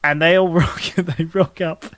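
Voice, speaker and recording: A man's voice: fairly high pitch, unhurried, no echo. A man co-hosting a podcast, chatting casually and retelling a story with frequent laughs. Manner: animated storytelling, laughing often. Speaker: podcast co-host. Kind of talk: casual chat.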